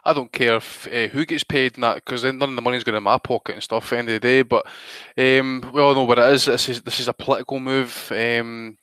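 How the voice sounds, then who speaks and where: A man on a podcast panel speaks bluntly, laying out firm opinions in casual chat. His mid-pitched voice is recorded dry and close. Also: steady tone, fast, a bit bright, smooth, dry recording.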